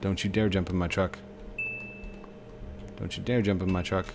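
Low-voiced man chatting over gameplay. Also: level tone, normal speed, gravelly, background noise. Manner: chatty, talks to himself and the game. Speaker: game video host. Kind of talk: casual gameplay commentary.

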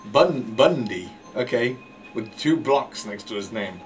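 Unhurried and animated, a medium-pitched male commentator plays an online racing game and pokes fun at his own slip-ups, tripping over words. Game music accompanies this casual let's play, recorded at low quality.

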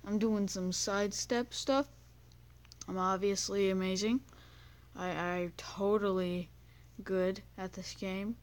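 Slow-talking teen girl gamer. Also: medium pitch, fairly even intonation. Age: teens. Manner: rambling, self-mocking, chatty; bursts into screams and sing-song humming. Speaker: gaming YouTuber. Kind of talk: gameplay commentary.

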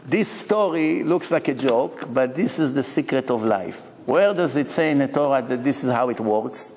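A man preaching as a rabbi, telling parables with lively rhetorical questions. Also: medium pitch, normal speed, few pauses, a little hiss or hum. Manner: animated storytelling with rhetorical questions. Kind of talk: sermon. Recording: long hall reverb.

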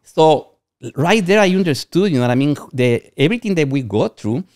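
A man's voice: a little high, lively intonation, fairly quick, a little mellow, no room sound, clean studio sound. A man from Guatemala, a podcast guest telling personal stories in a rambling way and often saying "you know what I mean". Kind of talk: candid personal storytelling.

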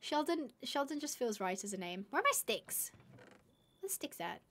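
A woman's voice: sits high, sing-song, moderate pace, fairly bright tone, slight background noise. A young woman from the UK chatting casually while playing a game on a live stream, rambling and reading out viewer comments. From United Kingdom.

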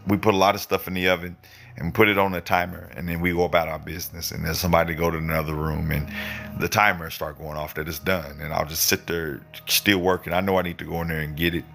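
A man's voice: little pitch movement, quick pace, vocal fry, fairly bright tone. A man from Oklahoma leading a fervent live prayer, repeating phrases and answering viewers' requests. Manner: fervent, repeats phrases, rises in pitch when pleading. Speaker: prayer leader.

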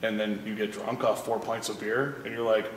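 Laid-back host in an echoey room. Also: male voice, on the low side, brisk, a little hiss or hum. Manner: relaxed, laughing anecdotes. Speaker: beer reviewer host. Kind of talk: casual interview. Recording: echoey hall.

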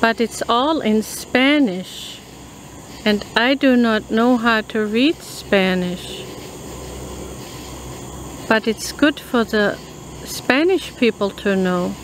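A woman, chatting casually as a food review vlogger and slowly reading a product label aloud. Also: fairly high pitch, a little hiss or hum, poor audio. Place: outdoors in a rural yard at night.

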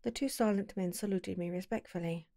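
A woman narrating an audiobook in a calm, measured storytelling voice on a close mic. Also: medium pitch, gravelly, no echo.

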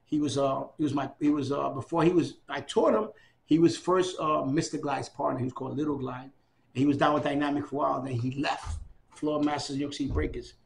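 Gravelly middle-aged man telling his story. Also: fairly high pitch, a little fast, a little hiss or hum. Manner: animated, acts out quoted dialogue. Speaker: interviewee. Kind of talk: casual oral history storytelling.

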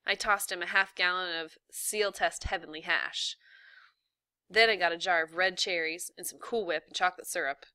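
A woman reading a novel aloud in a steady, even narration. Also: fairly low pitch, moderate pace, no room sound, studio quality. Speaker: reader.

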